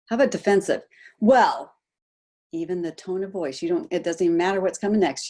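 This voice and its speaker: A health coach with a fairly low voice leads a group on a video call, animated as she asks her listeners questions and acts out example voices.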